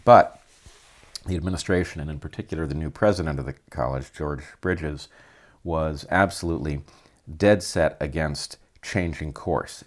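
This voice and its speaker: A man, a former professor and guest on a podcast, answering in a deliberate, articulate way. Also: rumbling low. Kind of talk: interview answers.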